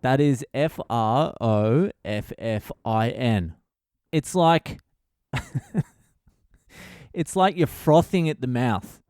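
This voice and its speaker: A man's voice: mid-range voice, lively intonation, slow pace, pauses often, a little mellow, clean tone, no echo, clean studio sound. An Australian comedian in his thirties hosting a podcast, crude and profane, joking and laughing as he talks. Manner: crude, profane, swears constantly; laughs at his own jokes. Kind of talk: casual comedic monologue.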